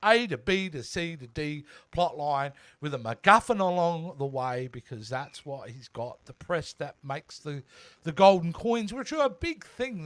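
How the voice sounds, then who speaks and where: Higher-voiced man co-hosting a podcast. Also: a bit bright, dry recording. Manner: enthusiastic, frequent restarts and fillers. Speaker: podcast co-host. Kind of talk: casual review chat.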